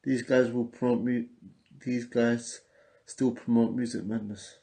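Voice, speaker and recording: A man's voice: mid-range voice, level tone, measured pace, dark tone. A man with a London accent hosting a casual livestream, chatting loosely and reading out viewer comments. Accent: London English. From England. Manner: chatty, repetitive, loose street slang. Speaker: podcast host.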